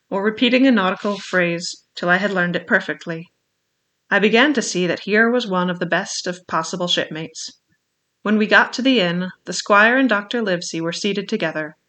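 A man narrating a classic adventure novel in a measured storytelling manner. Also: high-pitched, sharp tone. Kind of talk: audiobook reading of a classic novel.

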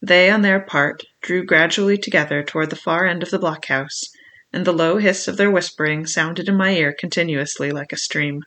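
A reader giving steady first-person audiobook narration of an adventure novel. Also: medium pitch, normal speed.

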